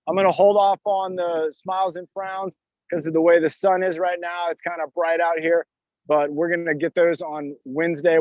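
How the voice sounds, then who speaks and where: Guy coaching a park workout, pretty high voice, talks you thru each rep, dull dry phone audio. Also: no room sound. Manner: encouraging, talks through each move while exercising. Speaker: fitness coach. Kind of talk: live outdoor workout class. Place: outdoors in a park.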